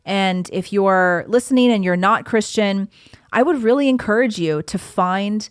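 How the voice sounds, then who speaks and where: A young woman hosts her own podcast, speaking at an ordinary middle pitch in an earnest, encouraging, conversational way. The sound is close and dry, with no room around her. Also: normal speed, clear, resonant tone, no echo. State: pregnant. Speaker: podcast host. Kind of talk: casual solo podcast talk.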